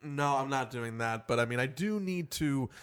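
A man hosting a casual podcast, rambling and self-deprecating in quick bursts, with a groggy morning voice. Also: mid-range voice, expressive, fairly bright tone, clean tone. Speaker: podcast host.

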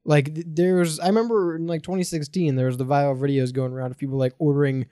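A man hosting a podcast in casual chat, animated and joking, telling rambling stories. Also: on the high side, fast, no echo, studio quality. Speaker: podcast host.

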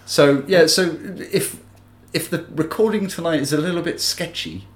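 A man's voice: a little high, normal speed, reverberant. A man co-hosting a casual podcast, bantering and teasing with self-mocking asides. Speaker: podcast co-host. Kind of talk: casual chat.

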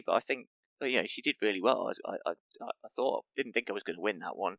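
A man chats through a tabletop game and rambles, hesitant and full of fillers. His voice sits fairly low but sounds bright and forceful. The recording is dull and lo-fi, with no room sound. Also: quick pace, gravelly, dry recording. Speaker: player. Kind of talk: casual tabletop game chat, in-character interview.

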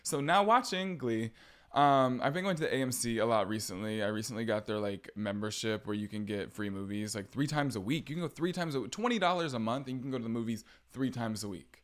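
A young man hosts a casual solo podcast in a mid-range voice. He talks in a chatty, gossipy way, full of quick asides and sarcastic jabs. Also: medium pitch. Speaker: podcast host.

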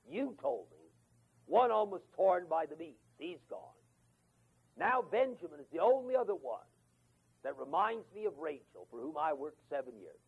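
A man's voice: high voice, vocal fry, husky, full character voice. A man voicing an aged, grieving father who is gloomy and stubborn, pleading in a mournful way. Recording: tinny lo-fi tape of a lecture.

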